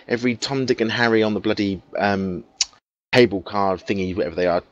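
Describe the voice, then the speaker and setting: A man's voice: lowish voice, fairly even intonation, a little fast. An English man chatting casually on a podcast panel, telling stories in a chatty, self-deprecating way. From England. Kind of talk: casual chat. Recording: dull lo-fi audio.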